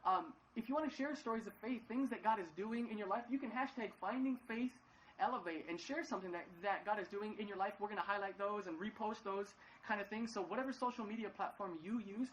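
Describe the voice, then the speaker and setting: A man's voice: high voice, quick pace, a bit bright, slight background noise, poor audio. A man preaching a casual livestream sermon from his living room, chatty and upbeat, with many fillers and restarts, acting out quoted lines in playful voices. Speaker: pastor.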